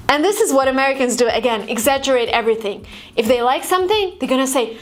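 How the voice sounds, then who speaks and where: A woman's voice: a little high, quick pace. Chatty woman teaching casual English. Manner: chatty, acts out exaggerated reactions. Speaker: language vlogger teaching English phrases. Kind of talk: casual video lesson. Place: lives in San Francisco.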